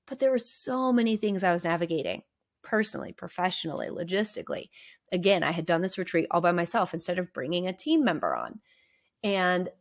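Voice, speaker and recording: A woman therapist talking candidly and conversationally on her podcast, with lots of "like" and "right?". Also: mid-range voice. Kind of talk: casual podcast monologue.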